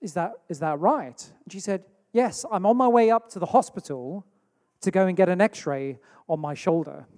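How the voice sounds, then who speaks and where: English preacher in a reverberant hall. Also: male voice, high voice, moderate pace, a little mellow. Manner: storytelling with acted-out asides. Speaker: pastor. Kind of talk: sermon. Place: church hall.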